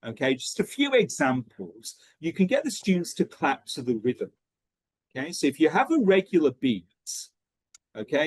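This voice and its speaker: A man's voice: fairly high pitch, slightly rough, dry recording. A man training teachers, explaining pronunciation methods step by step and checking in with a frequent "okay?".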